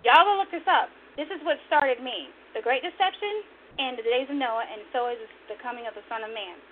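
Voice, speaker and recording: A high-pitched woman preaches and rambles on her own online talk show, repeating her points with fervor. The sound is thin and phone-like, with a faint hiss underneath. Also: brisk. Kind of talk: impassioned religious talk show. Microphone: online radio stream. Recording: tinny phone-line audio, faint noise.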